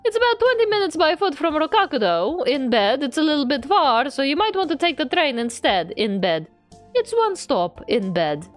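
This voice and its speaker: A woman's voice: high-pitched, big pitch swings, normal speed, faint music behind. A woman streamer reading game text aloud in a playful way with running jokes. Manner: playful, adds a running joke to every line.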